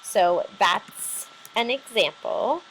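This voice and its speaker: A woman's voice: mid-range voice, animated, extremely slow, a bit bright, slight background noise, rough recording. A woman teacher giving a recorded lesson, explaining patiently step by step with many fillers.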